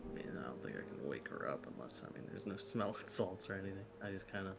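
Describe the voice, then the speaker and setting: Gravelly low-voiced male game player. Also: sing-song, fast. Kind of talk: playing a tabletop game.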